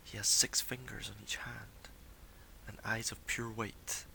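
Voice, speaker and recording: Brief: a man playing a hushed, ominous male seer, slow and low, whispered role-play. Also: little pitch movement, creaky, full character voice, low-quality recording.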